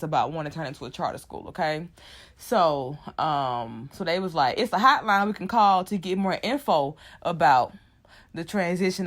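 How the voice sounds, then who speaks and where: A woman giving a casual, frank recap of a TV episode, cursing freely and filling pauses with "um" and "okay?". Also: low voice. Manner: loose, frank, profanity-laced, many "um"s and "okay?". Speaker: TV episode reviewer.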